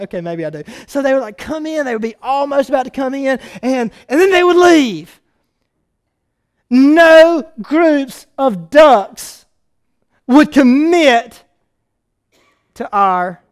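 High-voiced preacher. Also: male voice. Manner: animated storyteller, swelling to loud emphatic preaching. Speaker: pastor. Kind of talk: sermon.

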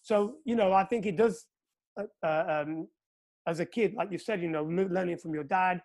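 Guy from portugal telling a story, acts out all the voices, lively. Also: high-pitched, normal speed. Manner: animated storyteller, acts out quotes. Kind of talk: casual chat, storytelling.

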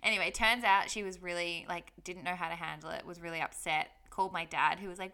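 A woman's voice: on the low side, fairly even intonation, fast talker, gravelly, hardly any pauses, bright, forceful tone, a little hiss or hum. A young woman telling her personal story in a candid, heartfelt, chatty way on her vlog. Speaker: vlogger.

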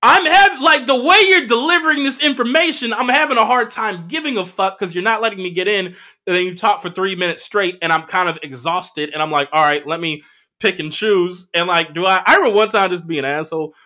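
Bright-voiced man, profane storytelling. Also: high voice, fast talker. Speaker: comedian podcast host. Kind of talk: casual solo monologue.

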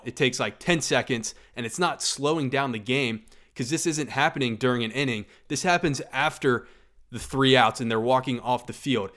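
Male sports podcast host, opinionated, mid-pitch voice, pushes back with rhetorical questions. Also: moderate pace. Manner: animated, argumentative, rhetorical questions.

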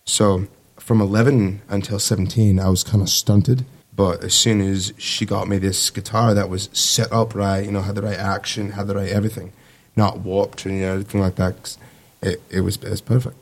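A man in his twenties with a Midwestern American accent, a Navy sailor and guitarist talking in a relaxed, rambling way in a casual interview. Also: fairly low pitch, normal speed. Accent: Midwestern American, put-on. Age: 20s. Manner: relaxed, rambling, laughs easily.

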